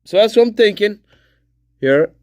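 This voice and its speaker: High, animated, joking man. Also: moderate pace, no echo. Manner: profane, joking, laughs often. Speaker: livestream host. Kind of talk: casual reaction commentary.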